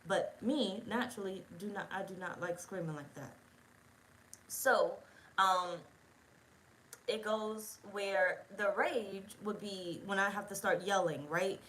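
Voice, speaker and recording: A woman's voice: medium pitch, slow pace, fairly bright tone, low-quality recording. Woman doing a tarot reading, rambly and cussing a lot, talks right at the viewers. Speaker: tarot reader. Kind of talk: casual spoken tarot reading.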